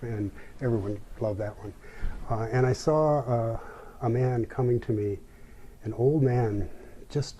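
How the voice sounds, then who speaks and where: A man telling a personal story as an interview guest, in a reflective, unhurried way. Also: mid-range voice, mellow, slight background noise.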